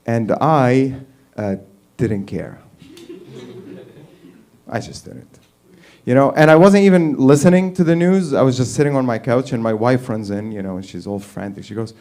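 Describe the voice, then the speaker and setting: A man doing stand-up, ranting in an animated, profane way and laughing at his own jokes. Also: medium pitch, unhurried. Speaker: stand-up comic. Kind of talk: stand-up comedy rant.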